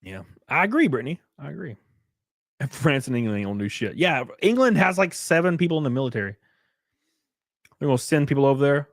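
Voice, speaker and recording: A man's voice: medium pitch, expressive, fast, no echo, clean studio sound. A man streaming live, reading chat messages and riffing sarcastically with plenty of swearing and mocking voices.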